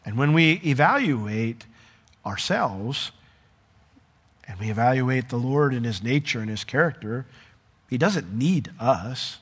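Animated preacher man in a reverberant hall. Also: mid-range voice, measured pace, pauses often, slightly rough. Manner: animated, conversational preaching with asides and acted quotes. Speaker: pastor. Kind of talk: sermon.

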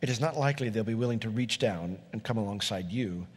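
A man's voice: lowish voice, fast talker, husky. A man preaching an evening sermon, reading scripture aloud and explaining it earnestly, with rising emphasis on his key points. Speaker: pastor. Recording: long reverb of a large hall.

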